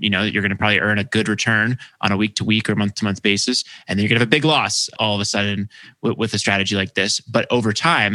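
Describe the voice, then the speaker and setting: A man hosting a podcast, asking questions in a relaxed way and often restarting phrases. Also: on the low side, no room sound. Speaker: podcast host. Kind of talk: casual interview chat.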